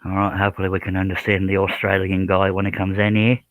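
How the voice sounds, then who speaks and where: A man's voice: sits low, completely flat delivery, fast, no room sound, poor audio. A man hosting a live stream, chatting casually in a joking, rambling, self-deprecating way. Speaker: live stream host, scroll saw artist.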